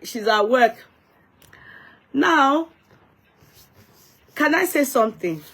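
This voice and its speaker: A woman's voice: high-pitched, animated, slow, creaky, a bit bright, slightly rough. A Nigerian woman hosting an unscripted live stream, talking emphatically, scolding, restarting her words and greeting viewers by name.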